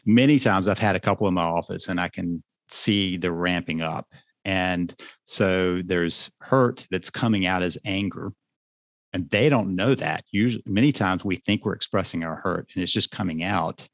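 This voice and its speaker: Low-voiced man explaining calmly. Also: no echo. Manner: measured, explanatory, gives examples from counseling sessions. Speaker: marriage therapist guest. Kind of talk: podcast interview.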